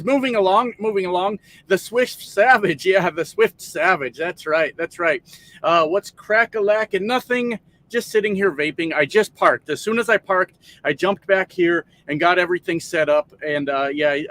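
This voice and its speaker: A man talks casually into a desk mic from the sleeper cab of his parked truck, his voice sitting a little high. He rambles between viewer names, swears freely and backtracks often as he reads the chat. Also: fairly bright tone. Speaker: trucker livestream host.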